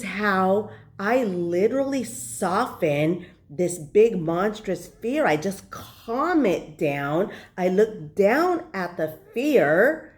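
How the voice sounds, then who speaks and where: A woman's voice: fairly low pitch, expressive, a little slow, darkish tone. A woman life coach giving an earnest, conversational motivational talk to the camera, with frequent fillers. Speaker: life purpose and leadership coach.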